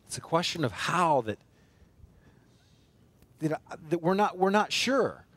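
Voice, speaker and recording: Earnest high-voiced male pastor preaching. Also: sing-song, measured pace, fairly bright tone, husky, no echo. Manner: emphatic, builds with repeated phrases; earnest, asks many rhetorical questions. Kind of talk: sermon. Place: church sanctuary.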